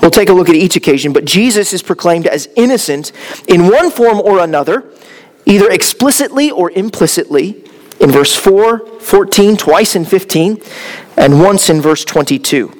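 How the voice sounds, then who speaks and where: A man with a high voice preaches an earnest expository sermon, now and then stumbling and restarting as he explains. His voice carries a long reverb from the church hall around him. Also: animated, moderate pace. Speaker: pastor.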